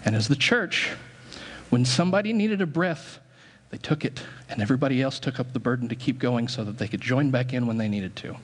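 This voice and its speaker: Brisk and slightly breathy, a medium-pitched male preacher leads his congregation through a group singing exercise in the sanctuary. His manner is playful, full of jokes as he directs the crowd.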